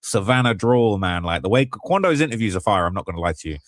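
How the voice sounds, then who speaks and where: A man's voice: on the low side, expressive, fast talker, dry recording. A man co-hosting a podcast in casual chat, reading out messages with rambling, hedging asides. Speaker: podcast co-host.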